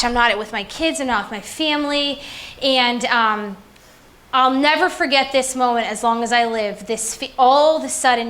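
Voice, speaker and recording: Bright high-voiced woman preaching. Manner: emotional storytelling, pitch climbing sharply on emphasis. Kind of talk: sermon with personal story.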